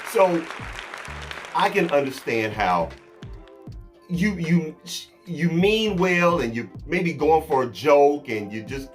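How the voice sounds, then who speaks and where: A man chatting casually to camera as a celebrity gossip vlogger, talking in quick asides to his viewers and often restarting his sentences. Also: medium pitch.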